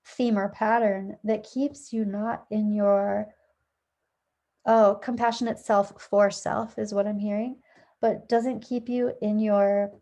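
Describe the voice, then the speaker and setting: At home, with a dog close by, a woman reads tarot in an easygoing, talkative manner. Her voice sits at medium pitch and sounds mellow, and she muses aloud, revising herself as she talks.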